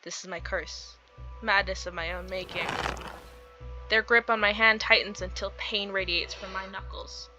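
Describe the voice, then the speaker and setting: A woman's voice: mid-range voice, fairly even intonation, moderate pace, sharp tone, dull audio, faint music behind. A woman reading a visual novel aloud, dramatizing the story and breaking off into giggly asides. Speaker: game streamer.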